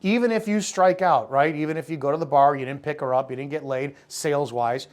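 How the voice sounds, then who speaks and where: A middle-aged man with a slightly high voice coaching salespeople in blunt, profane, unscripted talk. He acts out sales calls in character to show how to speak to prospects. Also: brisk. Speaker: network marketing sales coach.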